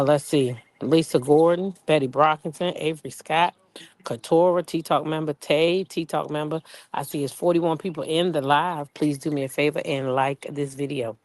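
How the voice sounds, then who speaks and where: A woman's voice: low voice, a little mellow, low-quality recording. A woman hosting a casual live stream from her backyard, chatty and greeting viewers by name, a little stuffy from a cold. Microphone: phone on a selfie stick.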